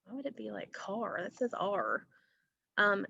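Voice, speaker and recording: A woman teaching an online phonics lesson, slowly stretching out vowel sounds and talking straight to her students. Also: medium pitch, very animated, creaky, pushed and bright, dull audio, a little hiss or hum. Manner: slow, drawn-out modeling of vowel sounds, addressing students directly.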